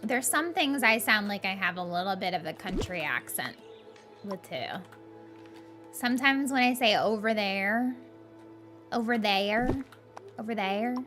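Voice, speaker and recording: A woman's voice: medium pitch, big pitch swings, normal speed, sharp tone, soft background music. A young woman chatting casually and playfully as she plays a game on a live stream, laughing often.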